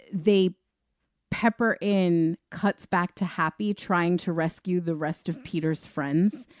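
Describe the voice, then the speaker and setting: A woman co-hosting a film review podcast in a chatty, animated way. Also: fairly low pitch, no echo, clean studio sound. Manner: chatty, animated, laughs easily. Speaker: podcast co-host. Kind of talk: casual film review chat.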